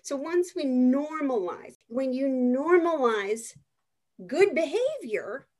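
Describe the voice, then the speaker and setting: A woman with a slightly higher voice chats casually as a parenting coach. She talks frankly and with energy, often acting out what parents and kids say. Her voice is plain and natural in an easygoing conversation. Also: slow pace. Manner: frank, lively, acts out quotes. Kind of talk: casual podcast chat.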